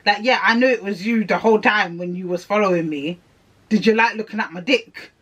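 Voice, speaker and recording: A woman's voice: mid-range voice, brisk, breathy edge, close to an everyday voice. A woman doing a smug, taunting ex-boyfriend. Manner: taunting, brash. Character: cocky, smug male ex-boyfriend.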